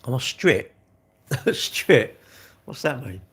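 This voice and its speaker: Man, 60s, live-stream chat, rambling, blunt, lively pitch. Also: takes it slowly, pauses often.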